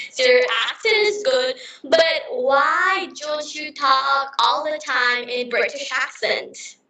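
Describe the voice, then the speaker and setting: A woman hosting a casual English practice conversation, slowly drawing out words to model pronunciation. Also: sits high, pushed and bright. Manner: slow, drawn-out words when modelling pronunciation. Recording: very echoey room, voice far from the mic.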